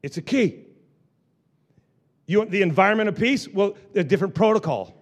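A male pastor preaching a lively sermon to a live congregation, repeating phrases and joking with the people in the pews. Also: high voice, normal speed. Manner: animated preaching with repetitions and asides to the congregation.

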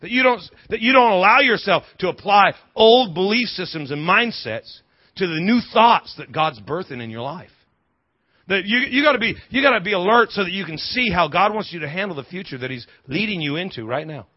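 A male pastor preaching a sermon in an animated, humorous way, with quick asides and lots of repeated words. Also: high voice, husky, no room sound, highs cut off.

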